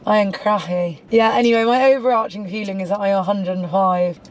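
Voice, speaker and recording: A woman's voice: mid-range voice, fairly even intonation, a little fast. A woman with a British accent, chatting playfully and dramatically with her friend in a car. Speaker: co-host. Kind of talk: casual chat in a car. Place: inside a moving car. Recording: noisy car interior.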